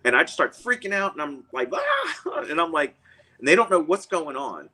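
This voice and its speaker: A man's voice: on the high side, animated, brisk, bright, forceful tone, poor audio. A man, a guest, telling a long personal story in a casual, rambling way and chuckling often.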